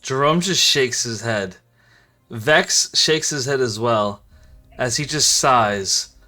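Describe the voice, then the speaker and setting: A man's voice: medium pitch, takes it slowly, sharp tone. A man narrating a tabletop game as game master, with loose narration full of fillers.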